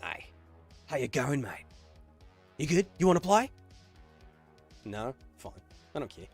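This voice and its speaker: A man's voice: medium pitch, big pitch swings, unhurried, breathy edge, soft background music, full character voice. A man doing a put-on Australian accent, playing a cheery Australian bloke who greets a dog in an exaggerated drawl. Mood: playful.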